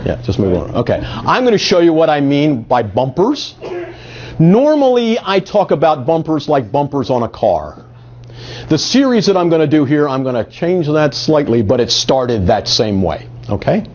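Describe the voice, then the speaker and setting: At a group meetup in a meeting room, a male marketing presenter runs a live workshop, energetically urging audience members to volunteer. His voice sits on the high side with a darkish tone, large pitch swings, and a moderate pace, captured in dull, lo-fi audio.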